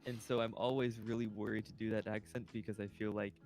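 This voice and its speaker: A man's voice: fairly low pitch, little pitch movement, fast talker, a little mellow. A man chatting casually on a livestream and breaking into mock accents now and then. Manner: tries out mock accents between plain chat. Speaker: streamer. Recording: faint music behind.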